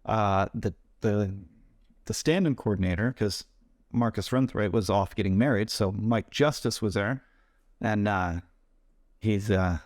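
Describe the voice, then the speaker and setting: A man who works as a stuntman, telling lively anecdotes in a casual interview and acting out what people said. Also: fairly low pitch, unhurried, dry recording, clean studio sound. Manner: animated anecdotes, acts out quoted voices. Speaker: stuntman guest.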